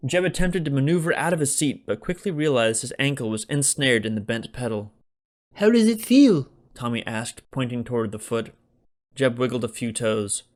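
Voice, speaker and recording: A man's voice: medium pitch, brisk. Man narrating a comic audiobook. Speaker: author narrating his own audiobook.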